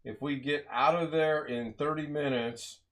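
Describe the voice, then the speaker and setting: A man's voice: a little high, steady tone, a little slow, background noise. A man hosting a casual live stream, chatting loosely with guests, laughing often and rambling through asides. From United States.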